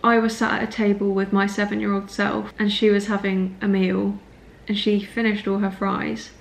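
A woman's voice: mid-range voice, flat delivery, normal speed, vocal fry. Earnest young woman vlogging at home. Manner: earnest, self-encouraging. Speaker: recovery vlogger. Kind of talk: personal vlog talk. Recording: echoey room with faint noise.

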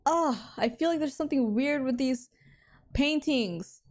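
Slow-talking woman reacting to a horror game. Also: high-pitched, a little mellow. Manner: jumpy, dramatic reactions with frequent laughs; talks to chat. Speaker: streamer. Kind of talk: live game commentary.

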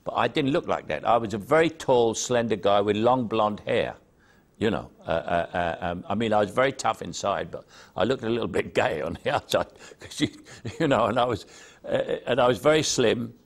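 Older cockney guy, real low voice, telling self-deprecating stories about his acting days. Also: animated, moderate pace, gravelly. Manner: anecdotal, self-deprecating storytelling. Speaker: actor interviewed about his career. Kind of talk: reminiscing interview.

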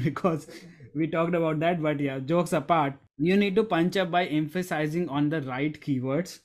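A middle-aged man, coaching an online group on a video call, stressing key words, repeating himself and calling on participants by name. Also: a little high. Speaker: storytelling coach. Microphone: desk USB microphone.

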